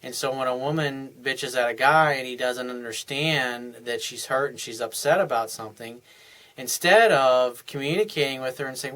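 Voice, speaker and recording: A man's voice: mid-range voice, normal speed. A man coaching on relationships in an earnest advice monologue, sometimes acting out what partners say to each other. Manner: earnest, acts out couples' dialogue in softer voices. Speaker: dating and life coach.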